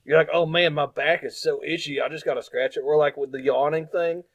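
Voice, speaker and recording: A man's voice: on the high side, fairly even intonation, brisk. A man playing a fuzzy, friendly monster guest who grumbles and argues in casual podcast chat. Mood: grumbly. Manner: grumbly, argumentative.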